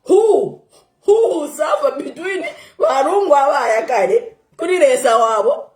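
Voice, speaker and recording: A young woman talks through political news in a casual vlog, her high voice rising and falling and often breaking into laughter. She switches between languages as she goes. The recording sounds like an echoey room. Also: measured pace. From Zambia. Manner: animated, laughing, code-switching. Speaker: commentator.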